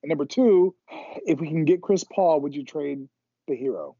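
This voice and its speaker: A man co-hosting a casual podcast, talking in an enthusiastic, jokey way. His voice is slightly high, husky and mellow. The recording is dry and a little dull. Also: moderate pace, no echo. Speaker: podcast co-host. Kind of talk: casual chat.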